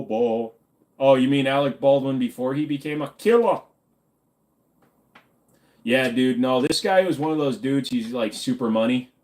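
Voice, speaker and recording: A man hosting a casual livestream, reading chat questions aloud and answering them in an offhand, joking way. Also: medium pitch. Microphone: desk microphone.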